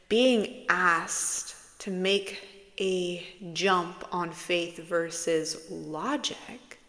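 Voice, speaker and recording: A woman giving a casual, playful spiritual message as a channeler, soothing and warm in her words, with bursts of laughter. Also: on the low side, big-room sound.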